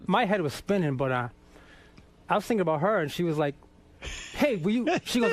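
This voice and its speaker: A man's voice: sits high, big pitch swings, brisk, long pauses. A man from Boston, a guest singer, telling self-mocking, profane stories and acting out the dialogue. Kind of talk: anecdotal storytelling.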